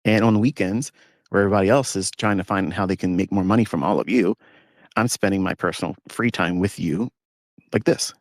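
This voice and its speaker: A lower-pitched man talks from inside his parked pickup truck, and the sound is dry and close with no echo. He is a trading mentor, and he rants emphatically and scornfully with mocking asides. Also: fairly quick. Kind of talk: casual monologue to viewers.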